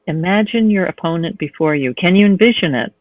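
A woman reading a novel aloud, voicing a courtly male fencing instructor who gently urges a beginner on. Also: high voice, expressive, fairly quick, dry recording. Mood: coaxing. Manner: smooth, encouraging, gently insistent. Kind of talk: read-aloud novel excerpt. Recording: tinny phone-line sound, dry.

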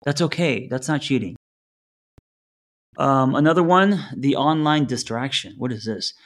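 A man's voice: mid-range voice, expressive, unhurried. A middle-aged man with a slight lisp co-hosting a relationship podcast, talking casually with many fillers and reading listener letters aloud. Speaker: podcast co-host.

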